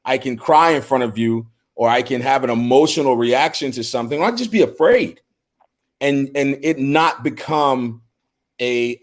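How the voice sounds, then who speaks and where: A middle-aged man co-hosting a podcast, talking earnestly and from the heart, often restarting his words. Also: mid-range voice. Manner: earnest, heartfelt, with frequent repeated starts. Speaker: podcast co-host. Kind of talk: casual discussion.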